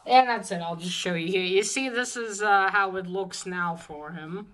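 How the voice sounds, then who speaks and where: Woman, casual manga review, rambling, halting, lots of fillers, mid-pitched. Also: fairly bright tone, poor audio. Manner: rambling, hesitant with many fillers and restarts; gushing when pointing out cute art. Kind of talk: casual spoken book review.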